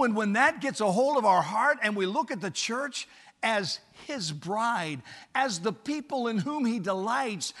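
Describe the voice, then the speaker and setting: High-voiced man preaching in a reverberant church. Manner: impassioned, then softening to a hushed close. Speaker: pastor. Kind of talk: sermon. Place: church sanctuary. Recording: church sanctuary with long reverb.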